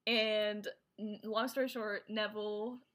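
A woman's voice: mid-range voice, level tone, slow pace, a bit bright. A woman casually recapping a movie plot as a co-host, rambling with lots of filler words. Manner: rambling, filler-heavy storytelling with many "like"s. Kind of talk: casual chat.

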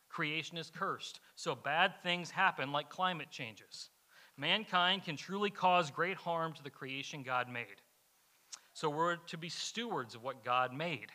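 Bright-voiced male pastor. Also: on the high side. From Kentucky. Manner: conversational storytelling with repeated words. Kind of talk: sermon.

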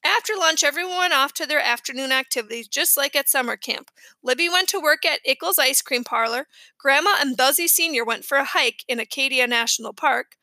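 A woman reading a children's chapter book aloud in a clear, expressive storytelling manner. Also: high voice, brisk, no room sound. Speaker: audiobook reader.

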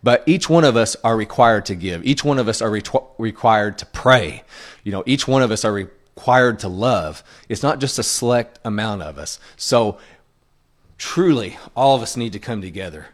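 A man's voice: fairly low pitch, lively intonation, moderate pace. A pastor giving a conversational sermon, earnest and plainspoken, often checking in with the congregation as he teaches. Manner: frequent checking-in asides to the congregation.

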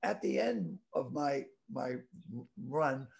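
Man, middle-aged, from Boston area, gravelly fry, very lively pitch, stammering storyteller. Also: slow pace. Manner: rambling, stammering restarts, animated quoted voices. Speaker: comedian guest telling a story. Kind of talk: casual storytelling.

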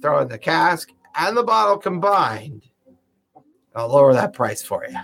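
A man acting as game master, voicing a merchant in a tabletop game with a casual, halting manner. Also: a little high, big pitch swings, gravelly, a bit bright. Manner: casual, halting, laughs often.

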